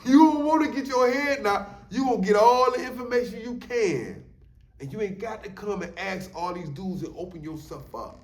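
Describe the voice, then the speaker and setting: Man, high-pitched, loose conversational storyteller; echoey room, off-mic. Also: animated, moderate pace, far from the mic. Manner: loose conversational talk with frequent "you know what I'm saying". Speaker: storyteller sharing his prison experience. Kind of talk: casual storytelling monologue.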